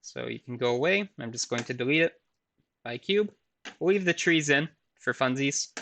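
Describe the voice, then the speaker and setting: A man lecturing while he demonstrates software on screen, his voice bright and clear. He talks in a loose, casual way, full of fillers, and makes fun of himself now and then. Keyboard and mouse clicks can be heard behind him. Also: medium pitch, lively intonation, normal speed, slight background noise. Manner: casual, self-deprecating, filler-heavy. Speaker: university lecturer. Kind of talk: recorded lecture with live software demo.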